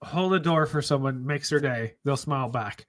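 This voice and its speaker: A man speaking slowly and earnestly in a casual memorial chat, halting with many ums, close to his desk mic. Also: medium pitch. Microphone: close desk mic on stream.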